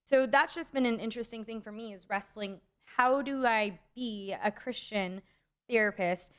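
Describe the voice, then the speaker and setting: A woman's voice: on the high side, moderate pace, fairly bright tone. A young adult woman co-hosting a faith podcast, telling a story in a rambling casual way, full of "like" fillers. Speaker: podcast co-host.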